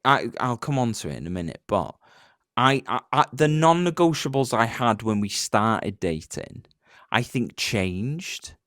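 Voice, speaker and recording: A young man talks casually as co-host of a couples podcast. His voice moves a lot in pitch and he keeps cutting himself off mid-thought. The recording is dry and close. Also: very animated, unhurried, a bit bright, no room sound. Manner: rambling, self-interrupting, joking. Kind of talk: casual chat.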